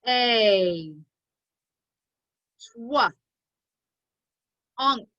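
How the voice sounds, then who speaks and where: A woman leading a phonics drill at a very slow, careful pace, sounding out each piece before blending it. Her voice is bright and a little high, pitched for young learners. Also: animated, muffled recording. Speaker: phonics teacher. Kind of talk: online phonics lesson.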